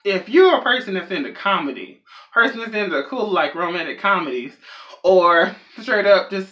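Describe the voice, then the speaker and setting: A man's voice: sits high, animated, moderate pace, bright, forceful tone, dull audio. A young man telling a rambling, self-mocking comedic story as a vlogger. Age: young adult.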